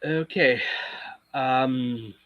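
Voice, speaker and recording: A man's voice: mid-range voice, very slow, dry recording, muffled recording. A man chatting casually on a live stream, rambling and circling back with frequent restarts. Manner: rambling, full of fillers and restarts.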